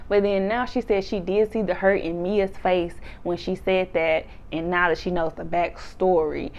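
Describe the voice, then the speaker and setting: Woman, casual recap vlogger, animated storyteller, gravelly voice, dull lo-fi sound. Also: on the low side, moderate pace, hardly any pauses. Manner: animated, acts out quotes in exaggerated voices, laughs often. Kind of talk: casual episode recap chat.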